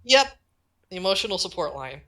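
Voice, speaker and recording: A woman casually narrating a collaborative role-play, relaxed and full of fillers. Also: lowish voice, fairly quick. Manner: relaxed, filler-heavy, drifts between quiet and loud. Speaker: tabletop role-play player.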